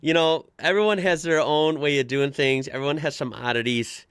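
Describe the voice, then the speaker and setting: A man's voice: mid-range voice, fairly quick, a bit bright, clear, resonant tone, dry recording, studio quality. An American man hosting a casual commentary show, chatty and amused as he reads posts aloud and adds his own asides. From United States. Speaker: host reacting to online posts.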